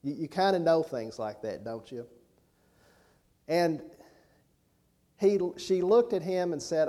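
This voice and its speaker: A man's voice: a little high, lively intonation, slow, pauses often, mellow. A man preaching a sermon in a folksy, conversational way, with rhetorical questions, rising to emphatic passages.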